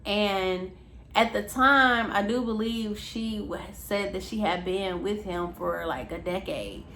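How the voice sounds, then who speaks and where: A woman's voice: mid-range voice, takes it slowly. A woman telling a personal story in a casual, frank way, with lots of fillers as she replays what happened. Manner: frank, filler-heavy, animated retelling. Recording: echoey room, faint background hum.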